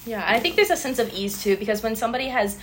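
A woman's voice: fairly high pitch, fast, fairly bright tone, slight background noise. A young adult woman from the American South co-hosting a podcast, talking in an earnest, reflective way. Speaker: podcast co-host. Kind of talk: casual chat.

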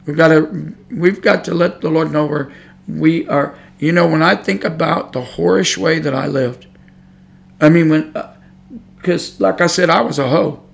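A man's voice: fairly high pitch, moderate pace, gravelly. A man teaching from the Bible on a podcast, preaching earnestly and emphatically, often repeating himself for stress. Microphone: podcast microphone.

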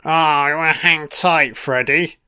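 A man's voice: on the high side, steady tone, measured pace, pushed and bright, clean tone. A man giving casual audio commentary on a film, with profane, sardonic running reactions.

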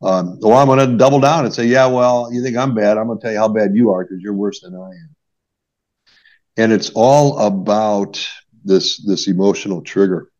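Earnest low-voiced man, dull lo-fi audio. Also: moderate pace, darkish tone. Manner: earnest, explains with examples, many "right?" tags. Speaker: marriage therapist guest. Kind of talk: conversational podcast advice.

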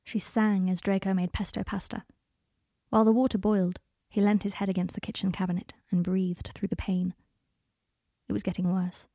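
Hushed, husky woman reading a story. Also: medium pitch, flat delivery, normal speed, no room sound, studio quality. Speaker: story reader. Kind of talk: audiobook narration.

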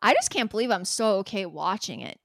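A young adult woman co-hosting a podcast. She tells a story in a casual, animated way, swears freely and acts out what people said. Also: medium pitch, a little fast, creaky, no room sound, clean studio sound. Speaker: podcast co-host.

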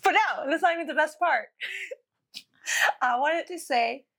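A woman's voice: high voice, unhurried, a bit bright. A woman in her thirties and parent of a school-age child, co-hosting a podcast with short, dry asides. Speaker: podcast co-host. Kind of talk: casual chat.

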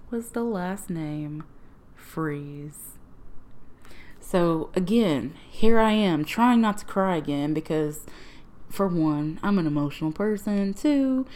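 Animated woman telling a story. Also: medium pitch. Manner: animated, laughing often, quoting herself in lively asides. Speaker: refuge history project researcher. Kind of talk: casual storytelling to camera.

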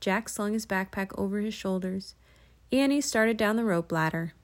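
A woman narrating a children's storybook in an expressive, lilting way. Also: mid-range voice, moderate pace. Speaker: audiobook narrator.

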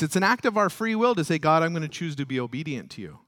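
A male pastor preaching a sermon, climbing loud and high when stirred, then dropping low and soft, and acting out prayers and quoted voices. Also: sing-song, fast talker, hardly any pauses, dry recording, clean studio sound.

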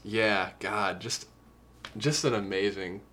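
A man's voice: lowish voice, steady tone, slow pace, bright, forceful tone. A man co-hosting a podcast, chatting casually about an album, earnest and openly emotional as he quotes lyrics. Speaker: podcast co-host. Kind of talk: casual music review chat.

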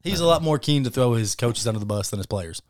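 A man co-hosting a casual sports podcast, talking in a profane, emphatic and animated way. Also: mid-range voice, fast, no room sound, clean studio sound. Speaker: podcast co-host.

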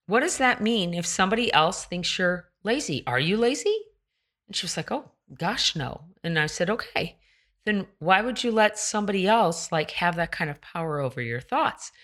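A woman's voice: fairly low pitch, a bit bright. A woman running coach giving a chatty solo podcast pep talk, full of rhetorical questions. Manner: conversational, with many rhetorical questions; loose and chatty, with fillers and restarts.

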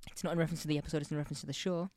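A young man co-hosting a casual podcast, talking quickly and rambling with many restarts. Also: fairly high pitch, fairly even intonation, a little mellow, dry recording. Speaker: podcast co-host and editor. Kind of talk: casual chat.

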